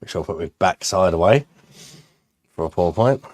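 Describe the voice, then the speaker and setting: A man chats on a live stream, trading crude jokes and banter with his viewers. His voice sits low. The sound is close and dry, with no room around it. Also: lively intonation, normal speed, long pauses, a little mellow, dry recording. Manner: banter-heavy, jokey and crude.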